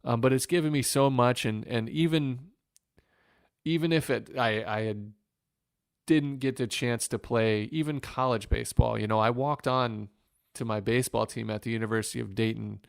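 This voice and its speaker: A man from Northwest Ohio, a former pitcher, telling an earnest story in an interview with many restarts. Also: steady tone, normal speed, creaky, clean tone, dry recording, clean studio sound. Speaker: former pro pitcher, podcast guest.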